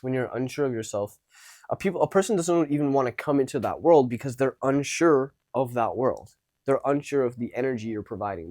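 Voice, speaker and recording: A man's voice: medium pitch, darkish tone, no room sound. A man coaching on social skills, talking casually to camera and acting out unsure and confident tones of voice. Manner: demonstrates tones of voice, shifting between unsure and commanding.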